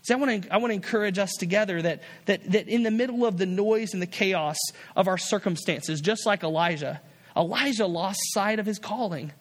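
A man's voice: sits high, a little fast, in a large hall. A man preaching a sermon as a pastor, earnest and repetitive, often restarting his phrases.

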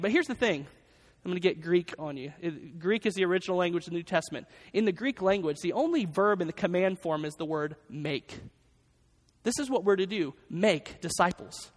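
A high-pitched male pastor delivers an energetic sermon, hammering his points home through repetition. His voice rings out with a long reverb, as if it fills a large church hall. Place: church sanctuary.

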